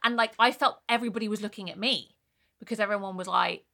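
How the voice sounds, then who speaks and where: A young woman chatting on a podcast, her voice bright and clear. She tells her stories candidly and easily, dropping in a casual swear here and there. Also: mid-range voice, quick pace. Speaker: podcast co-host. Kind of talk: casual chat.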